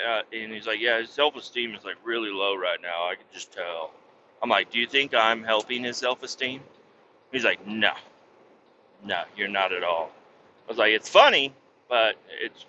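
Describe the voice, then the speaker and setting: A man co-hosting a podcast, telling a work story in a profane, animated, casual way. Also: muffled recording, slight background noise. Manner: profane, animated, puts on a sweet high voice for quoted niceness. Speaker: podcast co-host.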